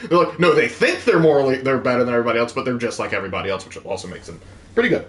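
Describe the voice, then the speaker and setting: A man's voice: mid-range voice, lively intonation, racing, a bit bright, echoey room. A man co-hosting a casual livestream, reading viewer questions aloud and joking with stammering restarts.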